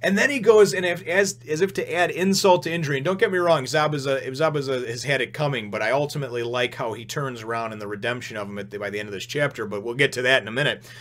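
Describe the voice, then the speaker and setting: A man hosting a casual manga chapter review, talking excitably and rambling with lots of "you know" and "right?", now and then acting out the characters' lines in a raised voice. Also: mid-range voice, quick pace, few pauses. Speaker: host of a manga review channel.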